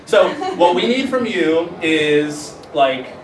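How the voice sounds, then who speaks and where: A man's voice: on the high side, lively intonation, takes it slowly, recorded from a distance. Rambling man hosting an improv show. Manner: rambling and self-mocking, full of fillers. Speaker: improv host. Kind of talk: introducing a live improv show. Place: theater stage. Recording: roomy theater audio from afar, noisy.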